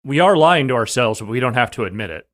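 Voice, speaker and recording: A man co-hosting a podcast, making quick, wry and blunt remarks. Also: mid-range voice, lively intonation. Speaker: podcast co-host. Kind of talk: casual chat.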